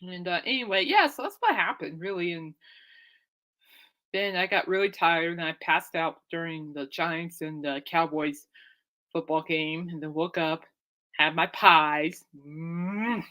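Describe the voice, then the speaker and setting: A woman's voice: fairly low pitch, normal speed, fairly bright tone. A young woman telling a rambling, laugh-filled story as host of her own show, acting out what people said. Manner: rambling, laughing often, acts out quotes. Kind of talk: casual storytelling chat.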